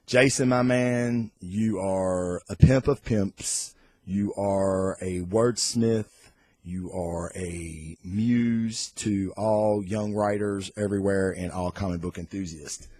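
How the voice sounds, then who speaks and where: A man giving a casual, excited comic book review on camera, rambling off on tangents and swearing freely. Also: fairly low pitch, slightly rough, no echo. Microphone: recorded on camera.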